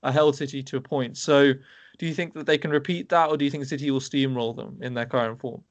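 A young man hosting a casual football podcast, moving his panel along with brisk questions. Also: medium pitch, steady tone, highs cut off. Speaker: podcast host.

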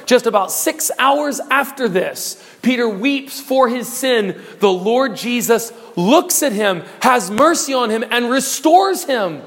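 A man's voice: very high-pitched, expressive, slow, hardly any pauses, a bit bright. A man in his forties preaching a sermon, fervent and rising to impassioned pleas. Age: 40s. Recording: echoey hall reverb.

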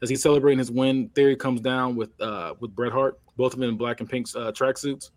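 Fast-talking man recapping a storyline. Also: mid-range voice, fairly even intonation, dry recording. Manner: quick, loose, with fillers. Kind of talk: casual narration of a wrestling storyline.

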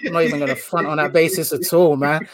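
A man hosting a casual podcast, energetic and slangy, joking as he runs through plugs. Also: a little high, fast, no echo. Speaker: podcast host.

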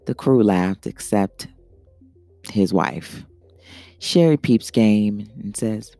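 Man, gravelly, mellow, casual bawdy storyteller, host. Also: lowish voice, slow pace, dry recording. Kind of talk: adult story reading.

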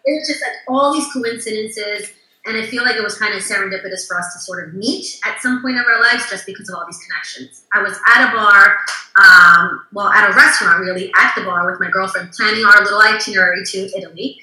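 A woman's voice: mid-range voice, quick pace, sharp tone, reverberant, poor audio. A woman interior designer as a guest, chatting casually and telling stories in a bubbly way, acting out other people's lines. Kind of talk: casual storytelling chat.

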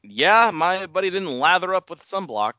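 A man's voice: high voice, lively intonation, moderate pace, pushed and bright, clean tone, no room sound, lo-fi sound. A man co-hosting a casual podcast, teasing his friend and laughing a lot. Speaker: podcast co-host.

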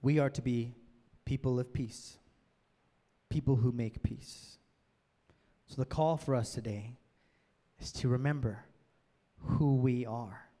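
A man's voice: medium pitch, steady tone, takes it slowly, long pauses, mellow. A male pastor giving a sermon, conversational and building to emphatic peaks. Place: church hall with long reverb. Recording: reverberant hall sound.

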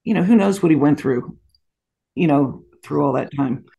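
Gravelly woman in her 60s, chatty guest telling family stories. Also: sits low, moderate pace. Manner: warm anecdotal storytelling with frequent laughs and asides. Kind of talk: storytelling interview.

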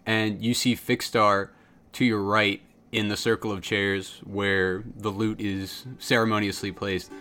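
A man narrating as game master of a tabletop role-playing game, in a relaxed, measured way. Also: on the low side.

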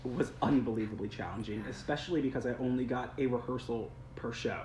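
Young actor talking in a roomy space. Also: male voice, mid-range voice, fast talker, a little mellow. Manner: earnest, rambling, frequent restarts and laughs. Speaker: stage actor guest. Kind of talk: casual interview chat. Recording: roomy sound with faint background noise.

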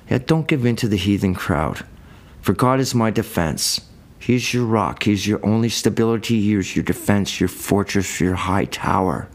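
A man preaching a sermon, reading verses and explaining them in a loose, conversational way. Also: lowish voice. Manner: colloquial, conversational Bible teaching.

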